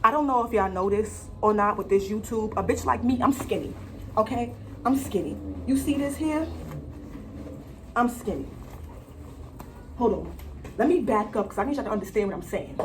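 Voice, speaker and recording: A woman telling a story on her vlog in an animated way, full of swearing and slang. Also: on the high side, moderate pace, pauses often, noisy background. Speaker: vlogger.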